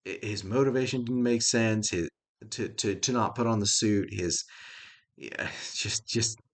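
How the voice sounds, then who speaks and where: A man's voice: fairly low pitch, a little slow. A middle-aged man giving a casual, rambling spoken review of a show, folksy and chuckling often.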